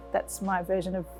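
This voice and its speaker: A woman hosting a cooking show, mouth burning and eyes teary from chili, exclaiming and laughing between gasps in casual chat. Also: fairly low pitch. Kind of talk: casual food challenge chat. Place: kitchen studio.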